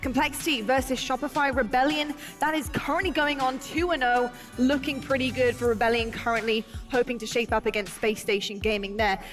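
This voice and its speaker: A woman with a fairly high voice hosts a live esports broadcast and runs through bracket updates in an upbeat, brisk way. Faint music plays underneath her. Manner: animated, laughing, then brisk bracket rundown. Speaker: esports broadcast desk host.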